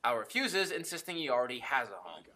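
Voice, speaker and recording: A man's voice: medium pitch, big pitch swings, quick pace, background noise. A man giving a casual, enthusiastic film review, swearing freely and dropping jokey asides.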